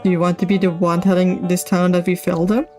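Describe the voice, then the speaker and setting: A woman's voice: lowish voice, level tone, fast talker, a little mellow, soft background music, close to an everyday voice. A woman reading the lines of a stern, bossy male festival official from a story game, stumbling over some words. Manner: reads game dialogue aloud with stumbles.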